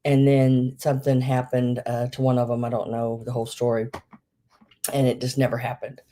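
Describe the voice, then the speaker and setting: A woman's voice: very deep voice, little pitch movement, moderate pace, mellow. A woman hosting a live vintage sale, chatting casually and rambling with many ums, a bit out of breath. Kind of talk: casual live-stream chat.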